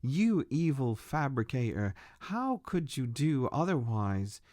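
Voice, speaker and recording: A man's voice: medium pitch, very animated, slow pace, a little mellow, no room sound, studio quality. A man reading as a stern prophet-sage. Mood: severe. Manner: severe, lecturing.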